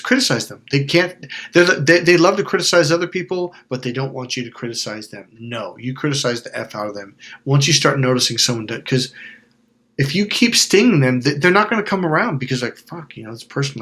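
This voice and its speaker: A man's voice: medium pitch, a bit bright. Blunt, profane man coaching straight to camera. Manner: blunt, emphatic and profane, with repeated insistent phrasing; acts out voices of people in his stories. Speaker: life coach and channel host. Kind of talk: direct-to-camera motivational talk.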